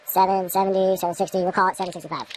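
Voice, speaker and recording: Brisk, low-voiced woman for a casual hands-on vlog, thinking out loud and grumbling at equipment. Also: flat delivery, slight background noise, low-quality recording. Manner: rambling, talks to camera while working, mutters at equipment. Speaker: home grower demonstrating light readings.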